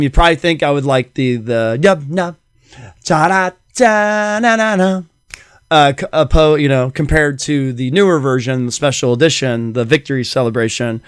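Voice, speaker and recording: A man's voice: medium pitch, fairly bright tone, clear, resonant tone, no echo, studio quality. A middle-aged man hosting a casual solo podcast, rambling enthusiastically with many fillers. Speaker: podcast host.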